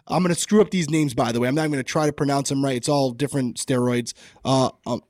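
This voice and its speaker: A man's voice: medium pitch, steady tone, fast talker, few pauses, a little mellow, no echo, studio quality. A man co-hosting a casual podcast, reading things aloud and commenting bluntly with plenty of swearing. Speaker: podcast co-host.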